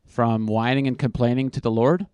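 A man's voice: mid-range voice, steady tone, moderate pace, dark tone, clear, resonant tone, dry recording. A man speaking at a conference and answering audience questions off the cuff, thinking aloud in a casual, self-deprecating way.

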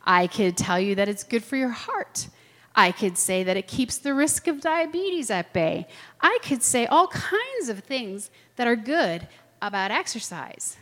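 Animated woman teaching in a reverberant hall. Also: on the high side, measured pace. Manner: animated, checks in with listeners often. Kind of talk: classroom lecture with personal anecdotes.

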